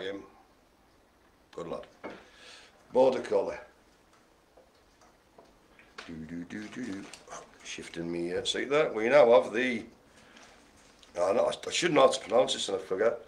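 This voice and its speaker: A man calls bingo for a live online audience, breaking off into rambling jokes between calls. His voice is bright and forward, and his pitch swings up and down a lot as he talks. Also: slight background noise. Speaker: bingo host. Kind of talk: live-streamed bingo calling with banter.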